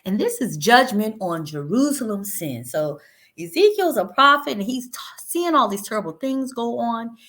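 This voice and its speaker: A woman leading a Bible study, reading verses aloud and explaining them in a conversational, animated way. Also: on the high side, normal speed. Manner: animated, conversational, laughs lightly, paraphrases verses in everyday speech.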